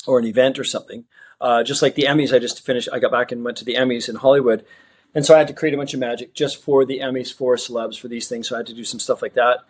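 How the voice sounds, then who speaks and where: A middle-aged man from Australia, a magician guest, telling stories in a casual interview and acting out what people said. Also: medium pitch. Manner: animated storyteller who acts out quoted dialogue.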